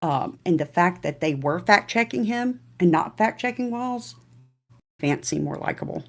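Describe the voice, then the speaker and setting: A woman with a notably low voice joining a casual politics panel. She talks haltingly, with lots of ums and stuttered restarts as she works through her opinion. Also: expressive. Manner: hesitant, many ums and repeats.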